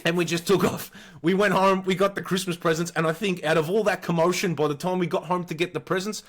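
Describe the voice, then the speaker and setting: A man in his forties with an Australian accent, a podcast co-host telling wild childhood stories in a blunt, profane, animated way. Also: high-pitched, fast talker. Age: 40s. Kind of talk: casual storytelling.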